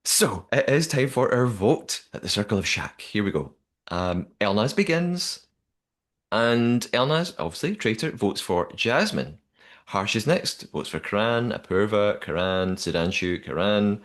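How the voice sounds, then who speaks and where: A man co-hosting a podcast in casual chat, chatty and animated, with frequent restarts. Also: lowish voice, a little slow. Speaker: podcast co-host.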